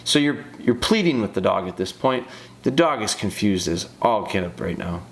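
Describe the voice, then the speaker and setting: A man with a lowish voice talks a dog handler through a training video. He coaches directly and hammers his points home by repeating short phrases. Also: lively intonation, normal speed, background noise. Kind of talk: casual video breakdown commentary.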